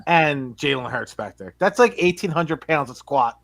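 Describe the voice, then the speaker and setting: A man on a sports podcast, excitable and laughing often, his bright voice sitting a little high. He tends to repeat words as he rushes into a new idea. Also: creaky. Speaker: podcast co-host. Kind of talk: casual sports chat.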